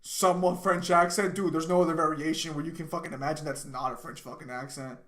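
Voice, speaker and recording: A man streaming live, chatting casually and excitedly, swearing often and breaking into laughter. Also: a little high, fast talker.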